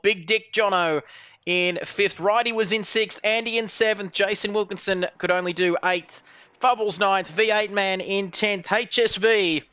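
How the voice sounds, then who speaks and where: A high, bright-toned man calls an online sim race in a joking, rambling manner. He pokes fun at himself and the drivers between position updates. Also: clean tone, dry recording. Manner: jokey, rambling, self-mocking. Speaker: lead commentator. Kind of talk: sim racing commentary.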